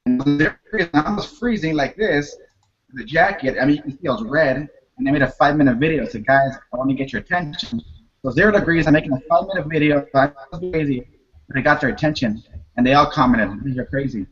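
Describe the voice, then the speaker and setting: Brief: excitable man coaching others on a call, higher voice, muffled low-fidelity sound. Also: fast. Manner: energetic, animated, jumps into excited put-on voices. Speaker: guest marketer. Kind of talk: casual group call. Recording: dull lo-fi audio.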